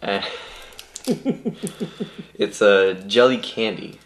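A man co-hosting a casual snack taste test, giggly and quick to react with surprise. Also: fairly low pitch, very animated, a little hiss or hum. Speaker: co-host. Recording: echoey room.

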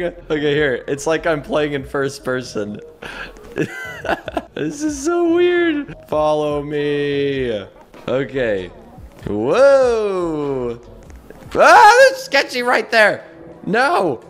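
A man hosting a gaming channel, giving excitable, jokey commentary to viewers while he plays. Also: fairly high pitch. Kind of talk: casual gameplay commentary.

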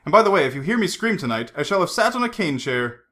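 Poised young woman, light and teasing, lively lilt, read by a man. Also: on the high side, quick pace. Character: poised, wry young woman at a fancy dinner. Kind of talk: audiobook character reading.

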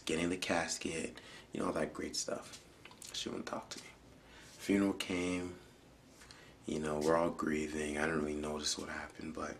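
A man with a low, deep voice tells a personal story as a public speaker. He speaks earnestly and lets his voice fall to hushed, almost whispered lines for weight. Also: vocal fry, slight background noise. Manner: earnest, drops often to hushed near-whispers for emphasis.

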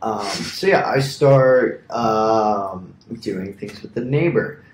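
A young podcast co-host with a fairly low-pitched voice speaks at a slow pace, with slight background noise in an echoey room. His casual story rambles, packed with fillers and asides, and he laughs at his own stories.

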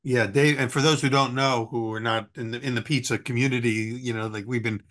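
Man, interview host, mid-pitched, easygoing, laughs along, short prompts. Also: fairly even intonation, fairly quick, a bit bright. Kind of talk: interview conversation.

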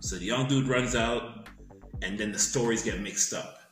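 A man's voice: lowish voice, moderate pace, soft background music. A man on a podcast casually retelling a film plot, swearing freely and acting out sound effects. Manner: animated, profane movie retelling with sound effects. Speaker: podcast co-host. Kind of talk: casual storytelling chat. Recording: echoey room.

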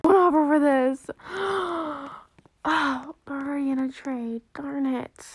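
Bubbly high-voiced young woman vlogger. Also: steady tone, takes it slowly. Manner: bubbly, chatty, pleading, self-mocking. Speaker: gaming vlogger. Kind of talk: casual gameplay commentary.

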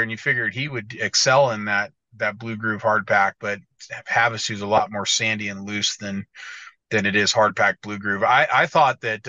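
A man's voice: on the low side, bright, forceful tone, no room sound. A man co-hosting a casual podcast, telling rambling, profane stories. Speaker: podcast co-host, motocross editor. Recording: dull, dry lo-fi audio.

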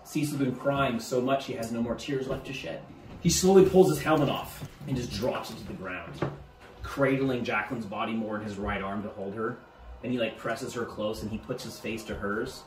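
A man narrating a tabletop game as game master, halting now and then and repeating words. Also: lowish voice. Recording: roomy, distant mic, faint music.

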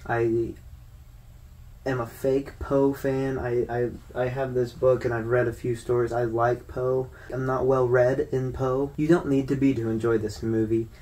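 A man's voice: mid-range voice, little pitch movement, a little slow, a little mellow, distant mic. A man giving a casual, rambling film review to his viewers, with fillers and restarts. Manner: conversational, loose with fillers and restarts.

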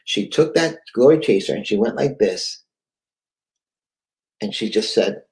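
A man preaching a sermon, telling a story with fervor, dropping to a hush and then rising again. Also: on the low side, expressive, a little slow. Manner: impassioned storytelling, swings between hushed and raised; reads viewer comments aloud live.

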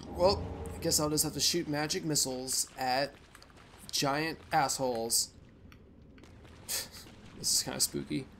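A young man hosting a let's play, giving rambling, profane gameplay commentary with sudden loud outbursts. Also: on the high side, fairly even intonation, a little slow, vocal fry, pauses often, a little hiss or hum.

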